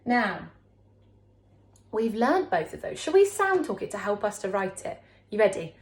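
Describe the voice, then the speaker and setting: Infant teacher, female, slow and lilting, fairly high, echoey room. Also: very animated. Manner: slow, sing-song, encouraging teacher talk with big pitch swings. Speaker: primary school teacher. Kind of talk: recorded classroom lesson for young children.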